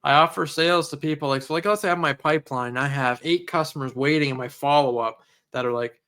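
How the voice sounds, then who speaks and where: A man co-hosting a casual podcast, telling lively stories and acting out customer conversations. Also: on the high side, quick pace. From Canada. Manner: animated storyteller, acts out customer dialogue. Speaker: podcast co-host, auto detailer.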